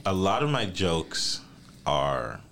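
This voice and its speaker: A man with a low voice and a very lively pitch tells stories on a podcast, laughing as he goes. He has Caribbean roots from the East Coast and leaps into high mimic voices for the people he quotes. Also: slow pace, creaky, a little hiss or hum. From Caribbean roots, raised on the US East Coast. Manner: animated, laughing storyteller who jumps into high mimic voices. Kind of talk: casual chat.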